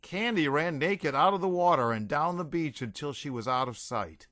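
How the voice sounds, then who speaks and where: Lively man reading a comic audiobook. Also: on the high side, normal speed, no room sound. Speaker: audiobook reader. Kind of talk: comedic audiobook narration.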